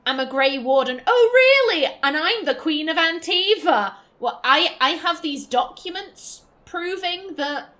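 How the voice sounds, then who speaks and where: A sleazy male templar guard from a fantasy game blusters and stammers through his lines, as a woman retells the scene. The voice sits high and tumbles over itself. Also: a little slow, hardly any pauses, bright, forceful tone. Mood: dismissive.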